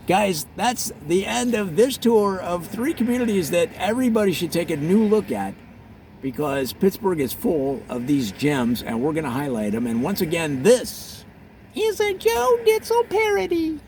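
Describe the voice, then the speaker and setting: A man hosting a mock tour in a parody travelogue, telling absurd tall tales in an animated storytelling manner. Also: a little high, normal speed, a little hiss or hum. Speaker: comedic tour host.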